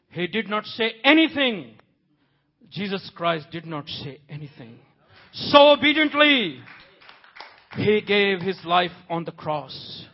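A man preaching a sermon with passion, swinging from soft, quiet passages to loud, pleading cries. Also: sits high. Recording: dull lo-fi audio.

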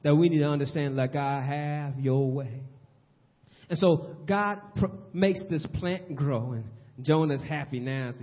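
A man preaching a sermon in a church, swinging between loud and hushed delivery. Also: a little high, a little slow. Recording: long hall reverb, dull lo-fi sound.

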